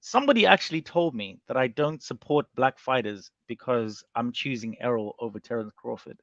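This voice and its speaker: A man's voice: medium pitch, fairly quick, no echo, highs cut off. A man talking casually and animatedly as a panelist on a boxing chat show, often restarting his sentences. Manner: animated, rambling, with many restarts.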